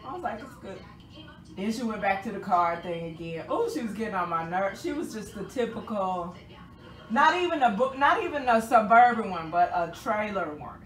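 Woman, animated sarcastic storyteller, recorded from across an echoey room with faint music. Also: mid-range voice, normal speed. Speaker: vlogger. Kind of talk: casual storytelling to a friend. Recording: roomy, distant mic.

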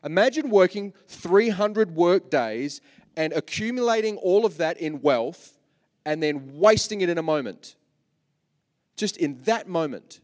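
Lively Australian man preaching in a hall. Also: sits high, a little slow. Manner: animated preaching, swinging from soft to loud with repetitions. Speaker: pastor. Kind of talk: sermon. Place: large church hall. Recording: long reverb of a church hall.

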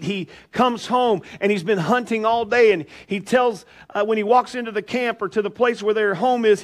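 A male pastor, preaching a sermon in church with animated storytelling and jokes for the congregation. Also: high voice. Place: church sanctuary.

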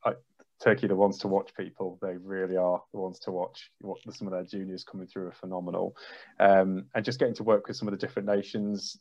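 A man's voice: fairly low pitch, darkish tone. A man, a trampoline coach, telling an emotional story on a video call and acting out his own reactions. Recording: dull lo-fi video call audio.

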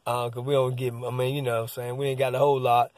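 A man's voice: mid-range voice, little pitch movement, quick pace, darkish tone, no room sound. A man, rambling and swearing casually as he tells a story about his son. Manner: rambling, profane, keeps saying "man". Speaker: father telling a story.

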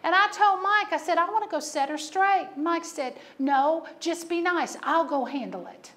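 A woman's voice: extremely high pitch, normal speed, a bit bright. A woman pastor preaching a sermon, telling a personal story with humor and emphatic repetition.

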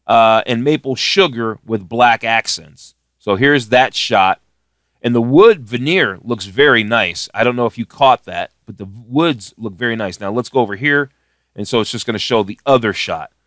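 A man's voice: mid-range voice, a bit bright, no room sound, clean studio sound. A man reviewing a car in a casual screen-share walkthrough, thinking aloud with many fillers and restarts and dropping chatty, opinionated asides.

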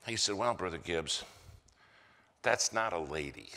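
American male preacher, lively storytelling delivery, slow unhurried pace, ringing church reverb. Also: low-pitched. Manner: animated storyteller acting out quoted voices. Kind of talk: storytelling sermon. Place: church sanctuary.

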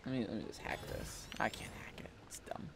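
A man's voice: fairly low pitch, sing-song, a little fast, creaky, whispered. A man streaming a video game, giving casual commentary full of swearing and emotional outbursts.

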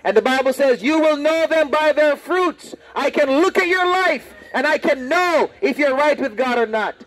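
Male street preacher, high pitched, loud and confrontational, preaching outdoors. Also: expressive, moderate pace, poor audio. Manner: loud, confrontational, repeats his lines. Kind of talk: open-air street preaching.

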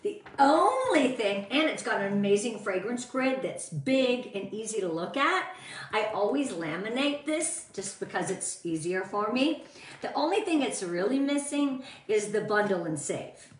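A woman's voice: fairly high pitch, big pitch swings, a little slow, far from the mic, a little hiss or hum. A woman leading a casual live-stream training for her sales team, bubbly and chatty, greeting viewers by name as she shows products. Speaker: team leader of sales consultants. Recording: echoey room, voice off-mic.

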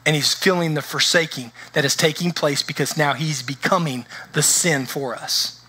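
Bright-voiced man preaching a sermon. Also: fairly high pitch, fairly even intonation, moderate pace, breathy edge. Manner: conversational preaching, checks in with the congregation. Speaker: pastor. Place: church.

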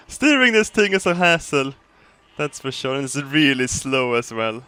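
A man talks through his gameplay in an excitable, giggly way, swearing freely. His voice is bright and edgy, sits a little high and swings wildly in pitch. He speaks slowly, drawing out his words. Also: clean tone, no echo. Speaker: gamer. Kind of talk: gameplay commentary.

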